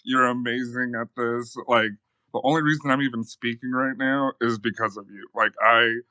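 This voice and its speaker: A man's voice: mid-range voice, steady tone, normal speed, sharp tone, dry recording. A man who admits he is nervous speaking in front of people and rambles out his thanks in casual voice chat. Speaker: community member.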